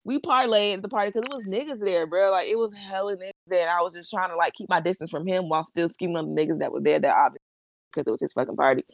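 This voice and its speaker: A woman's voice: lowish voice, fast, gravelly, dry recording. A woman telling a brash, profane story in casual chat.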